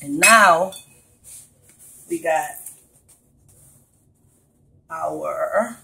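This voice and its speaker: This cooking vlogger speaks very slowly in a low, creaky voice that is bright and forceful. She has a New Orleans accent and talks viewers through a recipe from her home kitchen in a relaxed video, with poor audio.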